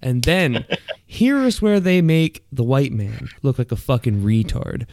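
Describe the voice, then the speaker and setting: A man's voice: mid-range voice, lively intonation, measured pace, creaky, a little mellow, no echo, clean studio sound. A man hosting a podcast in crude, profane casual chat, often laughing mid-sentence. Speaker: podcast host.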